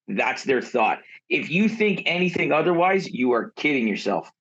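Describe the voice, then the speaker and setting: A man's voice: medium pitch, big pitch swings, normal speed, few pauses, fairly bright tone, highs cut off. A man co-hosting a podcast, giving blunt, outspoken advice and swearing casually. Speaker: podcast co-host, realtor.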